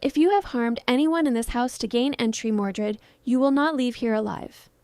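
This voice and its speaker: A woman voicing a powerful, protective male vampire king who speaks sternly and with quiet threat. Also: on the high side, normal speed, dry recording, lightly acted. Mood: menacing.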